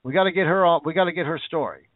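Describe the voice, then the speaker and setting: Indignant high-voiced man on a tinny line. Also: racing, no echo. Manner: indignant, sarcastic, repeats himself. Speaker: show host. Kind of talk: ranting commentary.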